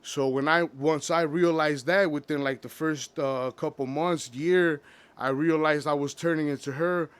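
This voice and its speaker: A young man talking about his past in a personal confessional vlog, halting and full of restarts. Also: on the high side, steady tone, clear, resonant tone, no room sound. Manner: halting, many restarts and fillers. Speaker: vlogger.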